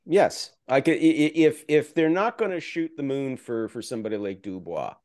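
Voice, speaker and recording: A man's voice: mid-range voice, moderate pace, darkish tone, dry recording, studio quality. A man talking as a guest analyst in a casual podcast chat, rambling with restarts and jokey asides.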